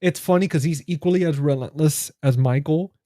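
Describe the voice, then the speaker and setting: A man co-hosting a casual movie chat, relaxed and full of dude and like. His voice sits a little high and sounds mellow. The sound is dry and close. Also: brisk, dry recording. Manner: relaxed, says "dude" and "like" a lot. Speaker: podcast co-host.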